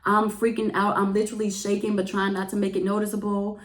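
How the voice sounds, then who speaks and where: A woman who works as a teacher, telling a personal story to the camera in a lively, emotional way. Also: medium pitch, fast talker, echoey room. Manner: animated, emotional retelling with laughs and quoted voices. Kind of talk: casual storytelling vlog.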